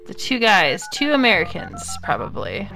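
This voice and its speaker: A woman co-hosting a game commentary show, making playful deadpan jokes. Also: medium pitch, normal speed, gravelly, soft background music. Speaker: podcast co-host. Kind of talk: let's play commentary.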